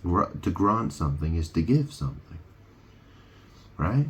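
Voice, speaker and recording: A man's voice: sits low, very animated, a little slow, long pauses. A man in a rambling monologue, punning on words and often asking "right?" as he talks to the camera. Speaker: video host.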